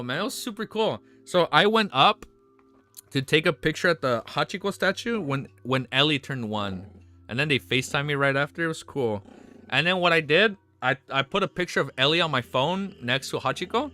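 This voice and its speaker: Bright, lively young man chatting on stream. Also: mid-range voice. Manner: chatty, rambling, playful baby talk to his dog. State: low energy. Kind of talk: casual stream outro chat. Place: home, sitting on the floor.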